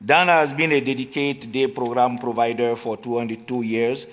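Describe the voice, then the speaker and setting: A man with a French accent presenting an award at a luncheon. He reads his speech haltingly, with restarts, and jokes at his own expense. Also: mid-range voice, flat delivery, a bit bright. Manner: halting reading with restarts, self-deprecating. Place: large banquet hall at a luncheon. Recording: hall reverb in a banquet room.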